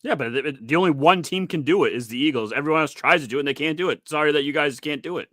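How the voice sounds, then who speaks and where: A man's voice: fairly high pitch, rapid-fire, fairly bright tone, no room sound, clean studio sound. A man co-hosting a casual sports podcast with joking, irreverent banter. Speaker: podcast co-host.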